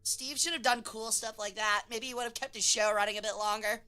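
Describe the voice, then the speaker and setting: A young woman streamer chatting casually, swearing, laughing and breaking into loud silly voices. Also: on the high side, steady tone, brisk, smooth, soft background music.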